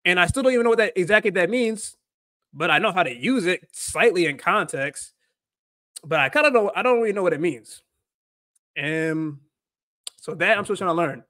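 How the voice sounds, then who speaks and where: High-voiced man chatting on a livestream. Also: lively intonation, normal speed, pauses often, sharp tone, no room sound. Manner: rambling, filler-heavy, self-correcting. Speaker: livestream host learning Spanish. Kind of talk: casual livestream chat.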